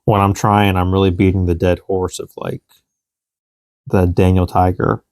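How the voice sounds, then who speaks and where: A man in his thirties co-hosts a podcast, venting with exasperation in casual chat about parenting and acting out his child's lines. His voice is low and a little mellow, with a level tone and measured pace, recorded at studio quality with no echo.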